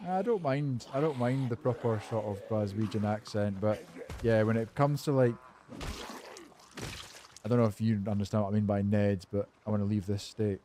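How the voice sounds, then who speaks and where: A man's voice: on the low side, normal speed, dark tone, slight background noise. A man streaming a game and chatting casually with viewers, laid-back and cynical, swearing freely and rambling between topics while he answers chat.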